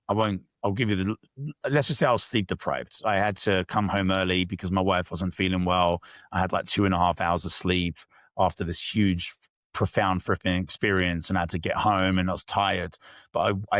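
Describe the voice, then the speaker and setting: Low-voiced male guest, candid and reflective, dry recording. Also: a bit bright, dry recording. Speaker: podcast guest. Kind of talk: casual interview storytelling.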